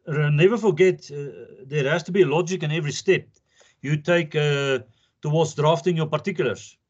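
A man's voice: a little high, highs cut off. A man giving a recorded law lecture, talking in a conversational way and repeating his points for emphasis. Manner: repetitive, emphatic, conversational teaching.

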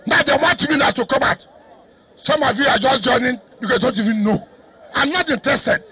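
A man with a Nigerian accent, a state governor addressing a crowd in a loud, defiant, repetitive way. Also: very high-pitched, brisk, husky. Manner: repeats himself, cuts in with "hold on"; defiant, declamatory.

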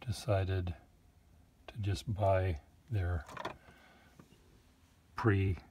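A man's voice: low voice, fairly even intonation, very slow, a little mellow, slight background noise. A man casually showing his collection of old pens, rambling with joking asides. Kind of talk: casual show-and-tell.

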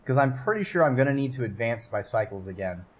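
Talking fast in a medium-pitched voice, a man gives casual commentary while streaming a video game. He's excitable, addressing both himself and viewers and letting out swears and yelps at the on-screen action.

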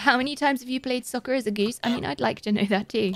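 A British woman streamer chatting casually as she plays, reading out chat and getting excitable. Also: a little high, fast, gravelly, hardly any pauses. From Britain. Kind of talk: casual gaming commentary.

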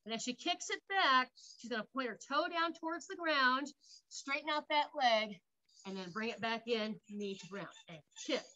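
A woman's voice: high voice, animated, normal speed, pushed and bright, dull audio. A woman park guide leading an outdoor workout, upbeat, counting reps aloud and cheering, a little out of breath. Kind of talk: instructional exercise demonstration.

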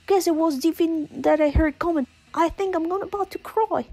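A woman's voice: very high voice, a little fast, warm tone, no room sound, faint music behind, voice pushed up. A woman voicing a rowdy young punk fan gang member, brash and whiny, reading game dialogue aloud.

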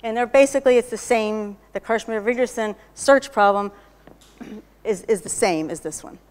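A woman giving a technical lecture, explaining step by step, often checking with "okay?" and clearing her throat. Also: fairly high pitch, moderate pace. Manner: explanatory, frequent "okay?" checks and self-corrections. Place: lecture hall. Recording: lecture hall reverb.

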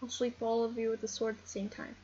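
A woman giving casual, excitable game commentary, rambling and talking to the animals on screen. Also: a little high, fast talker, lo-fi sound, slight background noise. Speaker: gameplay commentator.

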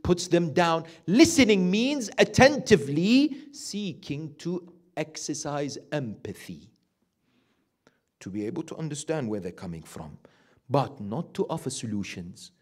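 A man giving a sermon as a sheikh, asking his listeners questions and acting out parents, reciting Arabic verses quickly. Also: fairly high pitch. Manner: animated, asks the audience questions and acts out quoted parents. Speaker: sheikh giving a Muharram lecture.

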